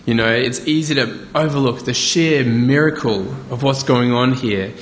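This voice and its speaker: A man delivers a sermon in an easygoing, conversational way, breaking off for quick asides. His mid-pitched voice rings out in a reverberant hall. Faint ambient noise sits underneath. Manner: conversational, animated preaching with asides. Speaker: pastor.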